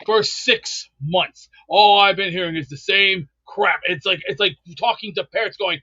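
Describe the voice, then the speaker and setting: A man's voice: high-pitched, normal speed, hardly any pauses, sharp tone, slightly rough, dry recording, highs cut off. A man who calls in regularly to a talk show, grumbling and ranting in a blustering way and often repeating himself. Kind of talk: ranting call-in banter.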